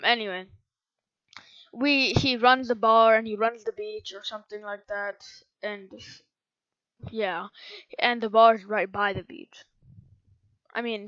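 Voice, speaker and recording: A woman's voice: a little high, a bit bright, no echo. A woman recapping a movie in a casual, rambling way, sarcastic and often correcting herself. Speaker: movie reviewer. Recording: dull lo-fi dry recording.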